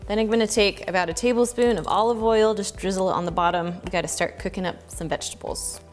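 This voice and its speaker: A woman hosting a casual home cooking tutorial, chatty and relaxed, thinking aloud as she cooks in her kitchen. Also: medium pitch, fast talker, soft background music. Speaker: cooking channel host.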